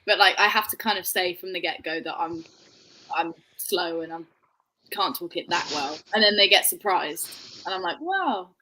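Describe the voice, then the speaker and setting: A woman's voice: lowish voice, fairly even intonation, normal speed, background noise. A young woman in her twenties, a podcast guest chatting casually with lots of giggles and apologies. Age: 20s.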